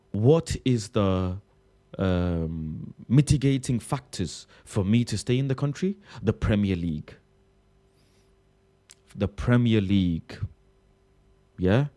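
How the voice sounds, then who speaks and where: A Mancunian man with a lowish, mellow voice chats on a livestream in casual banter. He plays mock-indignant, repeating his lines and leaping up in pitch for effect before dropping back low. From Manchester, England. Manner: playful mock-indignant, repeating himself with big pitch jumps. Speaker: live streamer reading chat.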